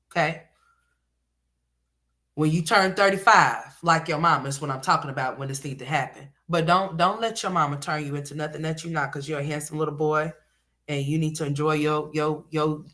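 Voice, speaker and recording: A woman's voice: sits low, moderate pace, a bit bright. A woman giving livestream commentary, ranting bluntly with lots of profanity.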